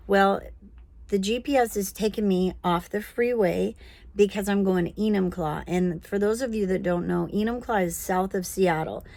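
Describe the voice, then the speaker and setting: A woman casually telling a personal story with animated, prayerful, self-deprecating energy. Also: fairly low pitch, vocal fry, dry recording.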